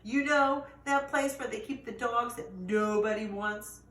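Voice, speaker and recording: A woman's voice: on the high side, unhurried, a bit bright. Woman playing a bossy, mean German Shepherd. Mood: warning. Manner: bossy, warning, streetwise. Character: gruff, mean male German Shepherd neighbor. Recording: roomy echo, distant mic, faint noise.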